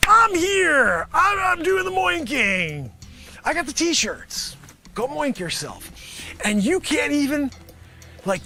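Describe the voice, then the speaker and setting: Brash, bright-voiced rambling comic salesman. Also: extremely high pitch, gravelly. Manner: swings between mumbled asides and sudden shouted outbursts. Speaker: comedy show host pitching a mock product. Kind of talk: improvised comedy sketch, one-man parody pitch.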